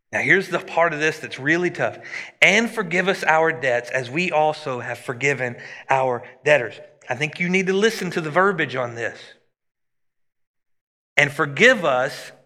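High, bright-voiced preacher in a hall. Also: male voice. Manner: animated preaching, voice rising and dropping for emphasis. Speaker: pastor. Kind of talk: sermon. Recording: long hall reverb.

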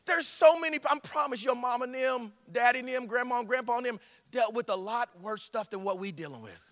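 A male pastor preaching a sermon, animated and joking, swinging between loud calls and hushed appeals. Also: very high-pitched, a little fast. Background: band music.

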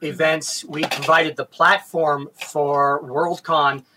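A man's voice: a little high, flat delivery, slow, noisy background. A man in his fifties who teaches and organizes role-playing programs, explaining in long lists during a casual interview. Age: 50s.

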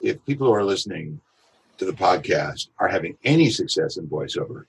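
Husky-voiced man explaining his craft. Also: sits low, very animated. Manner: reflective, explains with examples and quick imitations. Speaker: voice actor guest. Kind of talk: podcast interview talk.

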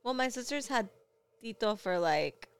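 A woman's voice: on the high side, expressive, normal speed, smooth. A young woman and parent, chatting casually and telling a candid story with frequent fillers. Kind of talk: casual chat.

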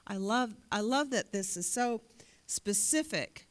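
A woman's voice: on the high side, expressive, measured pace. Woman teaching a Bible class. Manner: asks the class questions and answers them herself; emphatic, repeats words as she thinks aloud.

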